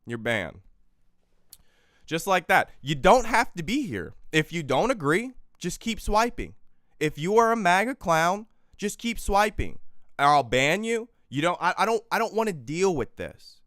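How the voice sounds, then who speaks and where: A man with a high-pitched, fairly bright voice swings widely in pitch at a moderate pace, recorded in dry studio quality. Hosting a live political podcast, he delivers a fiery, profane rant, yelling into his microphone and repeating phrases for emphasis.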